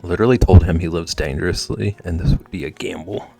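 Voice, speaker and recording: A man's voice: sits low, quick pace, creaky, a little mellow. A man streaming casually while drawing, rambling and chatty, often trailing off into mumbles. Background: faint background music.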